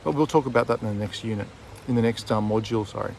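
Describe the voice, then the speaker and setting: Relaxed man teaching outdoors. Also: fairly low pitch, quick pace, vocal fry, slight background noise. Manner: chatty, relaxed, with frequent fillers and self-corrections; talking while out walking a dog. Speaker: English teacher and textbook author. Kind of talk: casual outdoor video lesson. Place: outdoors by a city river.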